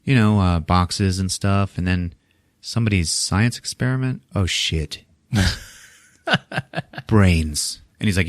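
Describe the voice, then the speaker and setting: A man hosting a podcast, recapping a movie casually with animated retellings, acting out the characters' lines, laughing and swearing often. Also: low-pitched, slow, pauses often, no room sound, studio quality. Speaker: podcast host.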